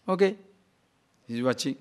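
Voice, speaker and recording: A man's voice: mid-range voice, measured pace. A man from Odisha with an Odia Indian English accent, giving a spiritual discourse full of stories and rhetorical questions. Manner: animated, playful, rhetorical questions. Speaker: spiritual teacher.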